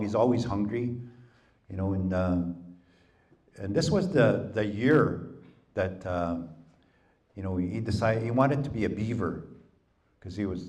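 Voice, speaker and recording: Low-voiced folksy male storyteller. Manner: folksy, relaxed, many "you know"s. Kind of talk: oral folk storytelling. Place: public library event.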